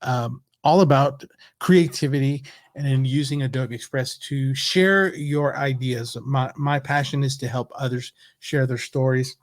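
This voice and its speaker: A man's voice: mid-range voice, steady tone, measured pace. An upbeat, chatty man with a mid-range voice hosts a casual teaching livestream, greeting viewers by name. He sounds close and dry, recorded at his desk with no room echo. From California. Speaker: livestream host, education evangelist. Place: home office in Texas.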